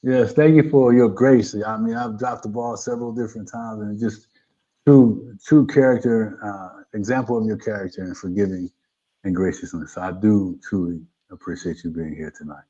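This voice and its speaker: An enthusiastic man hosts a live talk show and hypes up his viewers. His tone is warm and mellow, and he keeps tossing quick "right?" tags at the audience. The sound comes through a dull, lo-fi stream. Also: lowish voice. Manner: energetic, repeats "right?" to the audience. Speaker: host.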